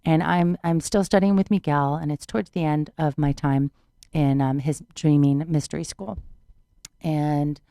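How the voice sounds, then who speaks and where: A woman's voice: low voice, fairly even intonation, normal speed, dark tone, no echo, clean studio sound. A woman guest on a podcast interview, earnestly telling a personal story and repeating words for emphasis. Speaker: podcast guest, spiritual teacher.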